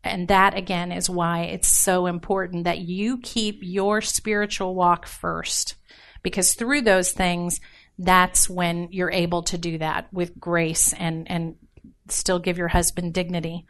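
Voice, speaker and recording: A woman's voice: fairly low pitch, little pitch movement, a little slow, fairly bright tone. A woman giving a casual, joking sermon on marriage, talking straight to her audience and asking for responses. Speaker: women's ministry speaker. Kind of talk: informal sermon.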